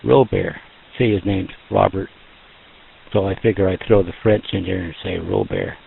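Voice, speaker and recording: A man's voice: low voice, fairly even intonation, gravelly, phone-quality sound, a little hiss or hum. A man running an amateur radio net, chatting in a folksy, joking way over a radio transmission. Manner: folksy, joking, slow and drawn out. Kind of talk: casual radio net chat.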